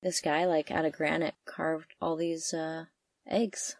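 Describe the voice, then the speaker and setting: Young woman in a camper van telling a road trip story, chatty and excitable, dry close sound. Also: a little slow, no echo. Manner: animated, lots of fillers, jumps high when quoting herself. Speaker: travel vlogger. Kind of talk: casual storytelling chat. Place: inside a parked camper van.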